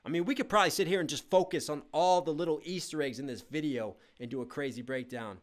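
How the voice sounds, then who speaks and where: Young man, live reaction host, fairly high voice, excitable, chatty, reads chat. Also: fast talker. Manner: excitable, breaks into shouts and explains rhyme schemes. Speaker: music reaction streamer.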